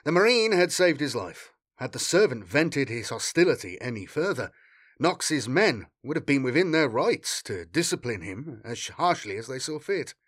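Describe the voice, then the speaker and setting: Guy reading a war audiobook, lively pitch, dramatic delivery. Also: moderate pace. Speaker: audiobook narrator. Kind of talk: scripted narration.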